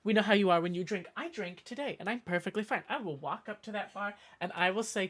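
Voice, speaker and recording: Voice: mid-range voice, animated, brisk, few pauses, fairly bright tone. Streamer chatting w chat, rambly and playful, voice jumps all over the place, fake-offended bits. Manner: rambling, playful, with mock outrage and self-interruptions. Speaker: livestreamer. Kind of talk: casual stream chat with viewers.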